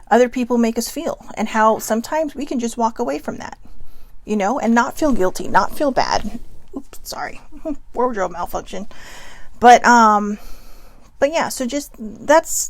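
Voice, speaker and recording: A woman's voice: mid-range voice, gravelly. A woman hosting a casual motivational talk to camera, frank and swearing freely, with many asides to her viewers. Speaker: host.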